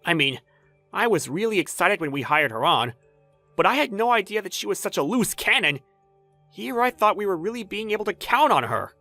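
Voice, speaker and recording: A woman's voice: medium pitch, sing-song, fairly quick, sharp tone, dry recording, soft background music, full character voice. A woman voicing a caring female company boss, worried and indignant, in a voiced story drama. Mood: concerned.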